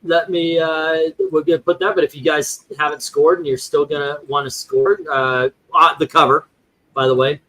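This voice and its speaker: A man's voice: a little high, steady tone, moderate pace, sharp tone, poor audio. A man hosting a casual chat, rambling through his points with lots of fillers and restarts. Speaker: host.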